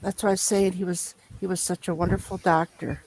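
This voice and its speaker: A man telling a long personal story in casual chat, rambling and halting as he loops back over his points. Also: sits high, flat delivery, vocal fry, darkish tone, slight background noise, poor audio. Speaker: storyteller in a conversation.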